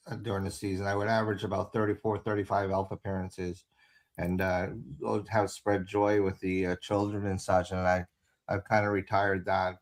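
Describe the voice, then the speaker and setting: Deep-voiced man, halting and hesitant. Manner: halting, hesitant, with many fillers. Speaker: co-host. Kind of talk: casual talk show chat.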